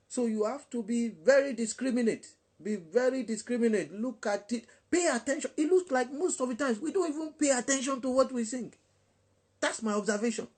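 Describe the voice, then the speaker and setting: A man's voice: very high-pitched, a little mellow. Man, Nigerian English accent, gospel DJ, live online chat, emphatic, preachy, repeats himself, Pidgin asides.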